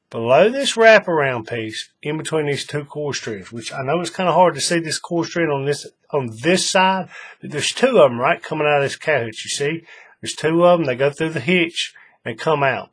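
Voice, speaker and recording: While working through a casual craft demonstration, a man talks to his viewers in a folksy, chatty manner. His fairly bright voice sits on the high side, and the audio is slightly rough.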